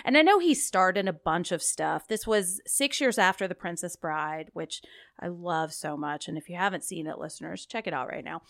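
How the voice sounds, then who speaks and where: A woman's voice: fairly low pitch, normal speed, gravelly. A woman co-hosting a film podcast, talking casually and peppering her speech with "like" and "you know.". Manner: chatty, lots of "like" and "you know". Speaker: podcast co-host.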